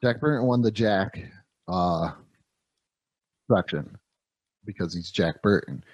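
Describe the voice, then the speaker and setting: A man's voice: sits low, slow, breathy edge, no room sound, muffled recording. A man hosting a casual movie review podcast, rambling enthusiastically about action heroes. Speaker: podcast host.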